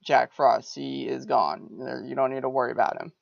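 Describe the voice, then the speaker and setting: A man's voice: medium pitch, moderate pace, vocal fry, dry recording, lo-fi sound. A man voicing a reassuring male federal agent on the phone.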